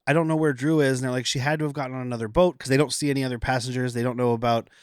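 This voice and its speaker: A man rambles through a movie plot with jokes as he co-hosts a podcast. His voice is medium in pitch and sounds close and dry, with almost no room echo. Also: steady tone, racing, smooth. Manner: rambling, joking plot retelling. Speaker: podcast co-host. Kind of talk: casual comedic movie recap.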